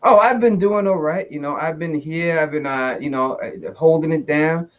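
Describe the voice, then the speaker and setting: Host, man, fairly high voice, jokey and lively, dull call audio. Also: moderate pace. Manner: animated, joking, laughs often. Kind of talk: casual video chat.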